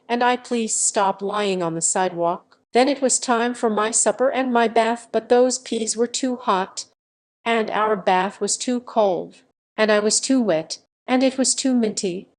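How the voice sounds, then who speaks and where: A woman hosting a storytime channel, reading a children's picture book aloud with expressive storytelling. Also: mid-range voice, moderate pace. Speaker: storytime host.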